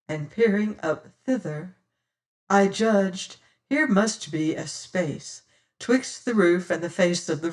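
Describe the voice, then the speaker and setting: Woman audiobook narrator, slow and measured, a bit off-mic. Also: on the low side, far from the mic. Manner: measured, unhurried storytelling. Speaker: audiobook reader. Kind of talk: scripted narration.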